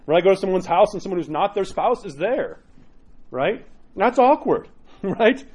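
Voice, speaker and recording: A man who is a priest, preaching in a conversational, animated way, with many rhetorical "right?" asides and quoted inner voices acted out. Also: normal speed, slightly rough. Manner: acts out quoted inner voices with sudden jumps in pitch. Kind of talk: sermon.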